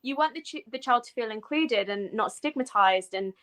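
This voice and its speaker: A woman with an English accent, a guest in a casual podcast interview, explaining things in a measured way with frequent ums and you-knows. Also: fairly high pitch, animated, fairly bright tone. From England. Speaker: guest, education professor.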